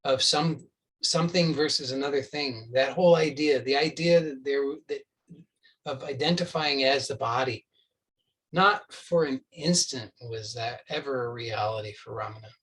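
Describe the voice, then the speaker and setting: A man's voice: mid-range voice, normal speed, fairly bright tone, recorded from a distance, low-quality recording. A man giving an earnest, insistent spiritual talk, often restarting phrases and acting out imagined dialogue with the listener. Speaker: spiritual teacher.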